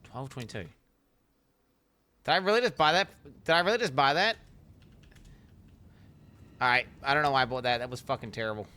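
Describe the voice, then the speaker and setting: A man's voice: medium pitch, lively intonation, a little fast, pauses often, bright, forceful tone, a little hiss or hum. A man in his thirties streaming a game and chatting loosely with his viewers, swearing constantly and joking around. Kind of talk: casual live-stream chat.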